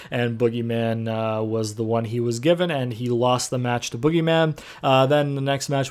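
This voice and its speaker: A man's voice: medium pitch, darkish tone. A young man casually recapping a wrestling game session, rambling with lots of fillers and the odd swear word. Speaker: gaming video host.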